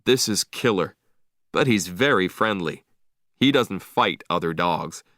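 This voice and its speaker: Man doing blunt dog-owner guy, low voice, dry close sound, slow read-aloud story voice. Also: expressive, no room sound. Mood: reassuring. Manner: blunt, shouting when annoyed.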